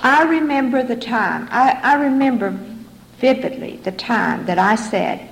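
A woman's voice: on the high side, lively intonation, measured pace, vocal fry. A middle-aged woman giving earnest, repetitive personal testimony as a speaker at a recovery meeting in a hall. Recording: echoey room recording, faint background noise.

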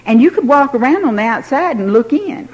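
A woman's voice: high voice, animated, fairly quick, a little mellow, poor audio. An older woman telling a personal story in a wry, self-mocking way, laughing now and then.

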